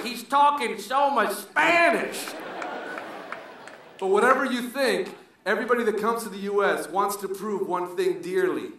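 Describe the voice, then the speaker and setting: A middle-aged man from Colombia doing an animated stand-up comedy set, switching between English and Spanish to act out people. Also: high voice, far from the mic. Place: comedy club stage with live audience. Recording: echoey club recording with crowd noise.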